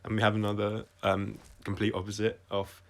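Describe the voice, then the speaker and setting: A man talking through his own songs on a casual livestream, reflective and halting, often restarting his sentences and trailing off quietly. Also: lowish voice, completely flat delivery, vocal fry, faint music behind. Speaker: singer-songwriter explaining his songs.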